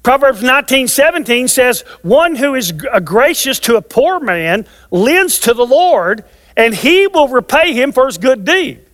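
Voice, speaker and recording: An older man in his sixties preaches with a strikingly high voice, hammering home his points by repeating them. His words ring out with a long reverb, as if from a large hall. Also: big pitch swings, measured pace, fairly bright tone. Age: 60s. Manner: emphatic, repeats key phrases for stress. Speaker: pastor. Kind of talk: sermon.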